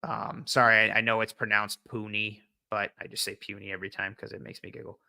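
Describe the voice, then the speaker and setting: A young man hosts a loose football draft chat, thinking aloud with plenty of ums and restarts. His voice is lowish and strikingly bright. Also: little pitch movement, fast talker, creaky. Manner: rambling, lots of fillers and restarts, hums to himself while thinking. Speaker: podcast host. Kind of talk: casual draft-analysis chat.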